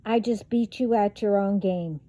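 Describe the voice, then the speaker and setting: A woman's voice: medium pitch, measured pace, dark tone, no echo. A woman vlogger delivering a profane, confrontational rant straight to her viewers. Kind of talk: angry rant to camera.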